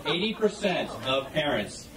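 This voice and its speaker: A man's voice: a little high, a little slow, a crowd in the background. Man telling parenting stories on stage. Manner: animated storytelling with audience questions. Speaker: speaker giving a short stage talk on parenting. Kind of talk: humorous public talk. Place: event hall before an audience. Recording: echoey room heard from a distance.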